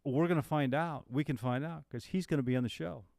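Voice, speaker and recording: A man's voice: on the high side, a little fast, creaky, darkish tone, no echo. A man co-hosting a live podcast, chatting casually and upbeat while promoting local shows. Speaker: podcast co-host.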